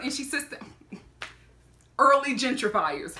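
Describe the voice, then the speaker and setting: A woman from Philadelphia telling a story in a casual reaction vlog, animated and laughing often. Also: a little high, normal speed, a little hiss or hum. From Philadelphia, USA. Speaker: reality TV reaction vlogger.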